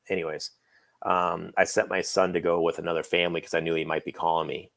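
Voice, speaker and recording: A man's voice: sits low, creaky, a bit bright, dry recording. A man telling a personal story as a guest on a talk show, rambling, with many fillers, and acting out quoted lines. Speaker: guest, friend of the late actor. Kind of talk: casual interview storytelling.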